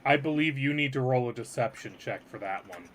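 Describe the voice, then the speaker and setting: A man's voice: medium pitch, fairly quick, slight background noise. A man narrating as game master in a tabletop game, laughing often at the table. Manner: laughing, animated table talk.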